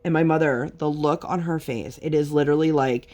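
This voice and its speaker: While crafting, a woman vlogger tells a long, aggravated story in a loose, chatty manner, exasperated and heavy on fillers. She speaks fairly quickly in a low, dark voice with a steady tone.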